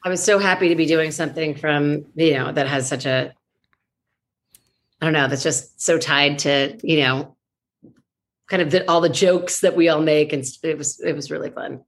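A woman's voice: sits low, fairly even intonation, moderate pace. A woman voice actress chatting in an interview, playful and self-mocking, often restarting her sentences. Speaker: voice actress guest. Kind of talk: casual interview chat.

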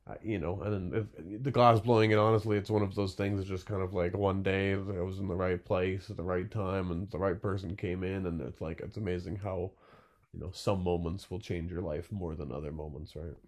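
A man's voice: deep voice, fairly even intonation, fairly quick. A young man talking casually as a guest in an interview, rambling with lots of fillers and tag questions. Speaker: glassblower guest.

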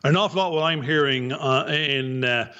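A man with an Irish accent, co-hosting a casual podcast chat, talking with animated emphasis and repeating words for stress. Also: mid-range voice, normal speed, smooth, dull audio. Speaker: podcast co-host.

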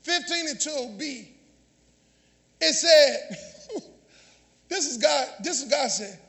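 High-pitched shouting preacher, reverberant church. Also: male voice, animated, slow pace, pauses often. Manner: shouting call-and-response preaching; repeats phrases and stammers restarts. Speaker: pastor. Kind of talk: sermon. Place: large church sanctuary. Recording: long church reverb, faint congregation.

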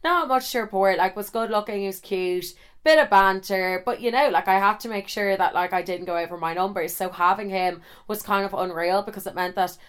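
A woman's voice: mid-range voice, a little fast, smooth. Chatty young Irish woman. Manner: chatty, animated, peppered with "like" and swearing. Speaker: storyteller. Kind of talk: casual anecdote telling.

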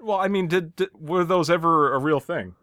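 A man's voice: a little high, normal speed, a bit bright, no room sound. Guy hosting a podcast, walks thru the plot bit by bit, laughs at the jokes, super dry no room sound. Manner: narrates the plot step by step, chuckling at gags. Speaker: podcast host. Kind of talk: casual episode recap chat.

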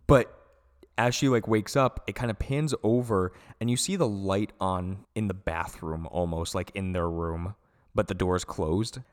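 A man co-hosting a podcast in casual film recap chat, excitable, jumping in to finish scenes and praise favorite shots. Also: sits low, measured pace, in a large hall. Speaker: podcast co-host.

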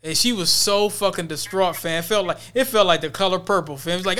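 A young adult man chatting casually on a podcast, telling animated stories and acting out what people said. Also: high-pitched, a little fast, hardly any pauses, over a noisy crowd. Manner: animated storyteller, acts out quotes with laughter. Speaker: podcast co-host. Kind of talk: casual chat, storytelling.

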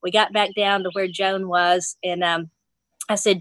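A woman's voice: lowish voice, little pitch movement, unhurried, fairly bright tone, no echo. A woman from Nashville, a fly fishing instructor, telling a fishing story in casual chat, laughing often and acting out the voices she quotes. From Nashville, Tennessee.

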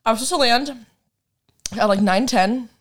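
A woman's voice: a little high, normal speed. A woman in her twenties chatting casually as a podcast co-host, telling a rambling, dramatic story full of laughs. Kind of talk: casual chat.

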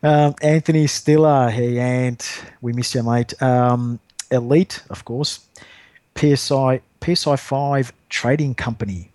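A man's voice: medium pitch, steady tone, a little slow, a little mellow, no echo. A man hosting a podcast, chatting casually and reading out listener lists in a jokey, self-deprecating way. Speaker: podcast host.

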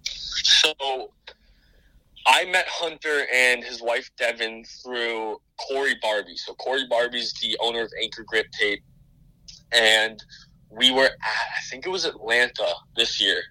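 Bright-voiced man rambling in casual chat. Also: medium pitch, unhurried, no room sound, poor audio. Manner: rambling, many restarts and fillers. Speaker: business owner guest.

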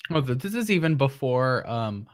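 Animated man chatting about movies. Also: medium pitch, no echo, studio quality. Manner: animated, laughing, quick reactions. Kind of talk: casual film discussion.

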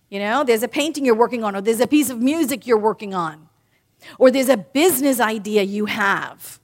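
A woman minister giving a sermon, animated and playful, talking directly to her congregation. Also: a little high. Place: in front of a live congregation.

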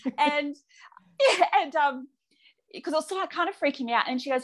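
A woman's voice: high-pitched, quick pace. A woman, a clairvoyant medium telling her story as a podcast guest, chatty and acting out the dialogue she quotes. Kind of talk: casual podcast interview.

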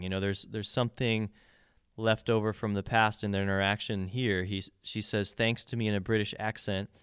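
A man with a low, clean voice talks through song lyrics in a casual podcast chat. He explains in detail and restarts his sentences often. The sound is close and dry, with no room echo. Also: a bit bright, smooth. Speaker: podcast co-host. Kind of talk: casual album discussion.

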